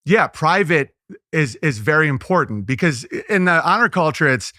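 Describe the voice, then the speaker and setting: A man's voice: on the high side, very animated, bright, forceful tone, no room sound, studio quality. A man who is a comedian guest, chatting casually in an interview, riffing loosely with frequent "like" fillers and restarts. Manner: loose riffing with quick impressions and asides.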